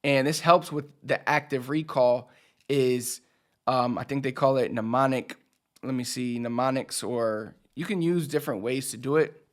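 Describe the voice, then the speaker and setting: Guy teaching a lesson on video, laid back, says words over and over slowly, medium pitch. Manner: relaxed, repeats words slowly for emphasis. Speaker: language teacher.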